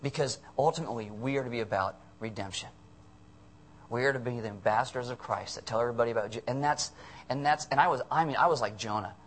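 A man preaching a casual, conversational sermon, animated and often acting out the people in his story. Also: medium pitch, fast talker, slight background noise.

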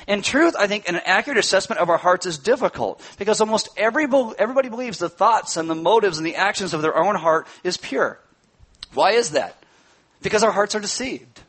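Man preaching, fairly high voice, chatty sermon with wry jokes. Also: animated, a little fast, fairly bright tone, low-quality recording. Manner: conversational, joking asides. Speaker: pastor.

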